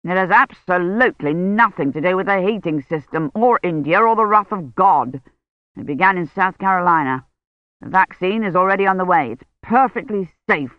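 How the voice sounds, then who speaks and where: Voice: mid-range voice, animated, moderate pace, no echo, close to an everyday voice. A reader voicing an older male academic who presses urgently for help. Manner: urgent, persuasive. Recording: dull lo-fi sound.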